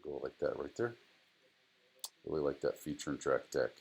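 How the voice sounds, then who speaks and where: Low-voiced man explaining lap data. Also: fairly even intonation, normal speed, creaky, slightly rough. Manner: casual, repeats phrases, talks to the software. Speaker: driving data instructor. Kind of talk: screen-recorded data analysis tutorial.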